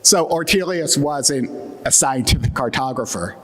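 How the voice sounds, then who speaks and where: This Mid-Atlantic American man, speaking in his home region's accent, gives a humorous, wry conference keynote with plenty of fillers. His voice sits at medium pitch, a little bright and expressive, at a normal speed, recorded in an echoing hall with an audience.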